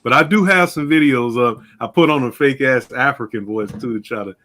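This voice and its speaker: A man's voice: medium pitch, fairly quick, a bit bright. A man with an ordinary mid-range voice hosts a livestream in loose, slangy casual chat. He keeps things easygoing and laughs often between remarks. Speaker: livestream host.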